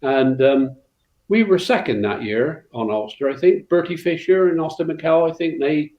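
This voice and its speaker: With a slightly high, animated voice at normal speed, an older West Country man tells long stories from his rally co-driving past in an interview, rambling through fillers and restarts. The roomy, dull, lo-fi recording carries a little hiss or hum.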